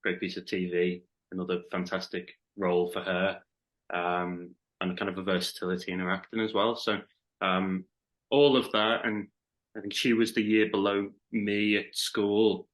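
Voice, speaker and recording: A man in his thirties with a Liverpool accent talks as a podcast guest. His voice sits low, and he speaks in an easygoing way, circling back and restarting sentences as his thoughts unfold. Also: little pitch movement, normal speed, fairly bright tone. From Liverpool, England. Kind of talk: casual chat.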